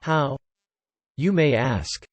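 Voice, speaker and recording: A man reads out a step-by-step tutorial in short, plain sentences. His pitch moves up and down a lot. The sound is close and dry, with no room echo. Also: lively intonation, extremely slow. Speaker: online marketing tutor. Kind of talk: scripted tutorial narration.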